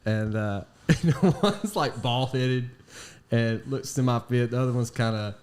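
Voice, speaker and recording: Casual podcast host, man, middle pitch, loose rambling storyteller. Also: a little slow. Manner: rambling, animated anecdote with laughs.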